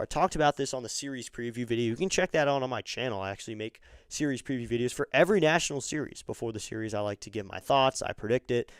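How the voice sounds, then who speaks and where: A man giving excitable live fan play-by-play of a baseball game on his stream, chatting with viewers between pitches. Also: dry recording, studio quality. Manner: chatty, excitable on big plays.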